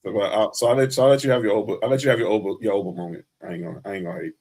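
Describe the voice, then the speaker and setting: A man's voice: lowish voice, fairly even intonation, very fast, darkish tone. A man co-hosting a wrestling podcast, talking casually in long rambling runs and laughing easily. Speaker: podcast co-host. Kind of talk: casual chat.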